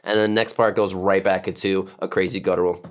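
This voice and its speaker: Low-voiced man breaking down metal screams. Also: flat delivery, a little fast. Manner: demonstrates growls, gutturals and shrieking screams between explanations. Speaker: vocalist breaking down his own screams. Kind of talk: casual vocal technique breakdown.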